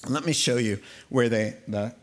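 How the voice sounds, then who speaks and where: A man preaching a sermon, telling a Bible story in an animated, playful way. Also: medium pitch, normal speed. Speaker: pastor.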